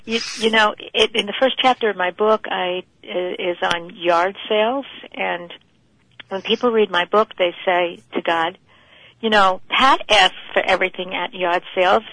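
A woman's voice: medium pitch, steady tone, unhurried, a bit bright, rough recording. A middle-aged woman, a guest author, earnestly telling a personal faith story in conversation.

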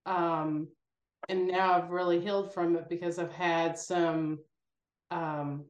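A woman guest in an interview, telling her stories in an animated way and acting out the voices she quotes. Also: lowish voice, takes it slowly, roomy sound, highs cut off. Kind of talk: casual spiritual interview talk.

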